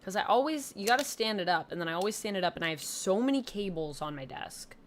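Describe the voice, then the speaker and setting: A woman's voice: mid-range voice, expressive, fast, slight background noise. A young woman from Canada with a slight Southern twang, chatting casually and rambling on a live stream from her home desk mic. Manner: chatty, rambling, self-deprecating.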